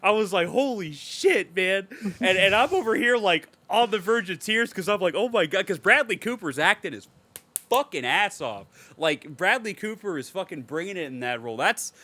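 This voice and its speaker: A man's voice: high voice, moderate pace, no room sound. A man co-hosting a podcast, chatting casually and swearing a lot as he tells emotional stories. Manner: animated, profane, emotional storytelling. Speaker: podcast co-host.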